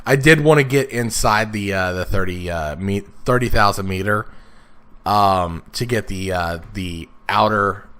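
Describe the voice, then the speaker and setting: A man with a raspy, stuffed-up voice, casually talking through his gameplay with lots of fillers and restarts. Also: on the low side, measured pace, a bit bright. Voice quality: raspy, congested from blocked sinuses. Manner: rambling, many fillers and restarts. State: sniffly, stuffed up. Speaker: let's play gamer.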